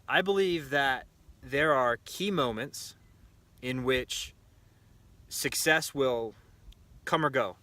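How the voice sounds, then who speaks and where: A man's voice: medium pitch, lively intonation, moderate pace, bright, forceful tone. A man with a casual, conversational delivery full of fillers and restarts, talking to camera as a shooting coach at an outdoor pistol range. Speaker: shooting coach and show host.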